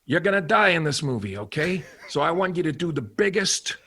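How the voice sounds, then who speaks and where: A man putting on the voice of an enthusiastic American film director who gives loud, drawn-out directions. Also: on the high side, big pitch swings, slightly rough, pitched above the performer's own voice, heavily acted. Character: brash upbeat American male film director.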